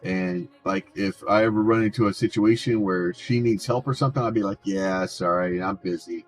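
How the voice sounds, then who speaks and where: A man's voice: lowish voice, fairly even intonation, brisk, soft background music. A man streaming a game, chatting casually and rambling, often restarting his words. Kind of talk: casual chat while gaming.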